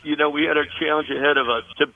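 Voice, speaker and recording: An older man from Illinois, a songwriter guest, telling stories in an animated way and acting out the voices. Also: a little high, racing, gravelly, narrow, tinny audio. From Illinois, USA. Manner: lively, acts out voices and sings riffs. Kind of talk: animated storytelling interview.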